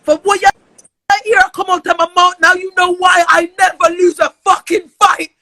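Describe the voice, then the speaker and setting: A woman pours out a furious, swearing livestream rant in a very high, bright, sharp voice. She shouts often and sounds close to tears. The sound is dry and close, with no room echo. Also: flat delivery, moderate pace. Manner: angry, loud and profane, often near tears. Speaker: live streamer.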